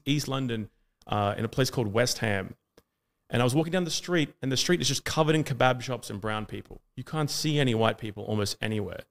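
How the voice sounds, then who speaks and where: A man's voice: mid-range voice, gravelly. A man from Australia with an Australian accent, arguing in a debate in long run-on sentences with frequent fillers. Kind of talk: argumentative debate monologue.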